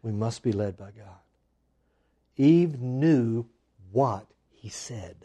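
A man preaching a sermon, swinging from loud emphatic lines to hushed, drawn-out asides. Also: medium pitch, lively intonation, muffled recording. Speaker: pastor.

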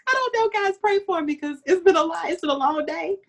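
A woman co-hosting a casual chat about a TV show, expressive and dramatic, laughing a lot. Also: very high voice, a little fast. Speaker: podcast co-host.

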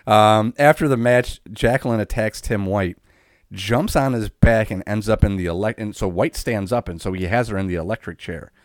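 Low-voiced man recapping matches, dry sound. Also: moderate pace, no echo. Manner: blow-by-blow recap with frequent filler uhs and swearing. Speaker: podcast co-host. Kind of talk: casual wrestling recap chat.

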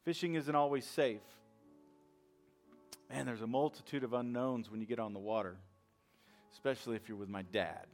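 A man preaching a sermon in a lively, conversational way, acting out little asides as he goes. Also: medium pitch, normal speed, pauses often, soft background music. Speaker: chaplain and preacher.

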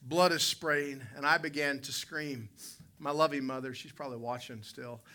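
A man preaching a sermon as pastor, telling a story in an animated way with sudden loud bursts. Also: mid-range voice, normal speed.

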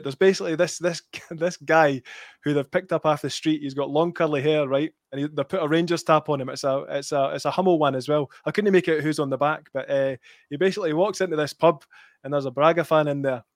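A Scottish man hosts a casual football podcast, his voice a touch high and recorded dry and close. He chats easily and quizzes his co-host with stats. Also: fairly even intonation, brisk, no room sound.

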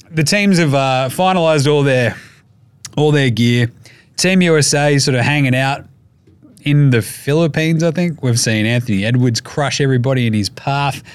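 A man's voice: mid-range voice, clear, resonant tone, dry recording. An Australian man hosting a casual sports podcast, talking in an irreverent, jokey and profane way. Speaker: podcast host.

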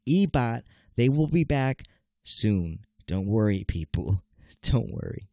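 A man's voice: medium pitch, creaky, a little mellow, no room sound, studio quality. Congested, nasal man rambling on a podcast. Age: late 20s. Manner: rambling, stammering, keeps calling listeners "people". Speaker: podcast host. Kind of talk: casual solo podcast monologue.

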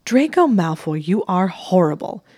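Indignant young witch put on by a woman, crisp, sharp, dry close sound. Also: sits low, steady tone, normal speed, dry recording. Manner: crisp, barking.

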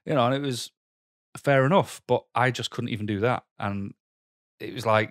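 A man telling a personal story to camera, candid and halting, often frustrated and filling gaps with "you know". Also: medium pitch, dry recording, studio quality. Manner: frustrated, heated. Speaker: vlogger.

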